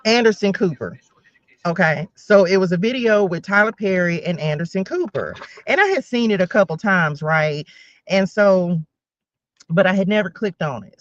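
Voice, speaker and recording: A woman's voice: medium pitch, expressive, normal speed, no echo. A talkative woman in her forties runs a casual spiritual tarot reading and often drifts into personal asides. She speaks right to her audience. The recording is dry and a little muffled, with no room sound. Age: 40s. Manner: chatty, rambling asides, talks straight to viewers. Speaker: tarot reader.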